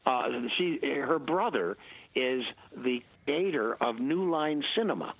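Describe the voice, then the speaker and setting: An older man with a husky voice tells rambling stories, full of restarts, little chuckles and acted-out asides. The sound is dull and lo-fi, as if from a modest recording. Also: medium pitch, animated. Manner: halting, many restarts, chuckles. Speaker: interview guest. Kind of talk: rambling anecdotal conversation.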